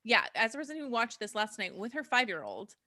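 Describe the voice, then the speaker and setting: Woman podcast co-host, bright higher voice, dry close sound, rambling and laughing. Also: sing-song, fairly quick, dry recording. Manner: chatty, rambling, laughs often. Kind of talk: casual chat.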